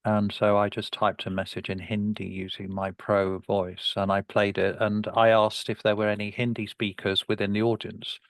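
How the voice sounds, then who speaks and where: A man's voice: lowish voice, flat delivery, normal speed, hardly any pauses, dry recording. South london guy talking on a webinar call, restarts a lot, dry sound. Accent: South London English. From London, England. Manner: chatty, repeats words when starting. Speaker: co-presenter, speech therapist. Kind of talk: webinar discussion.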